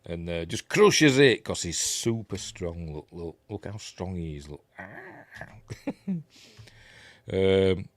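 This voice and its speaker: A middle-aged Yorkshire man with a fairly low voice, chatting his way through a film with plenty of ums and dry asides. The sound is close and dry, with no room to it. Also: wildly swooping pitch, takes it slowly, no echo. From Yorkshire, England. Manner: rambling and chatty, lots of ums, dry wry jokes. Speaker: film review host. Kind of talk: casual film commentary over footage.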